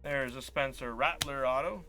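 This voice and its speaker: A man's voice: mid-range voice, normal speed. A man telling a long, frustrated story in casual live-stream chat as a card break host, acting out quoted dialogue. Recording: faint music behind.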